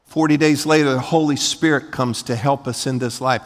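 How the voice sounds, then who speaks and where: A man preaching a sermon as pastor, moving from calm teaching to loud, fervent preaching. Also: mid-range voice, normal speed, big-room sound, some chatter behind. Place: church sanctuary.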